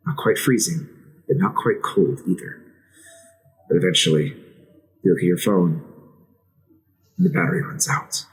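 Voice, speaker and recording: A man narrating a tabletop role-playing game as game master, in a measured, descriptive way. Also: low voice, rough recording.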